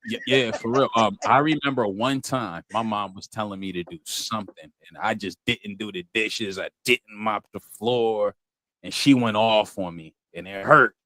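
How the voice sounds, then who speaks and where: A man co-hosting a podcast, talking in a relaxed, easygoing way. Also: on the low side, moderate pace, dry recording. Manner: relaxed, trails off with ums. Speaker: podcast co-host. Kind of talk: casual chat.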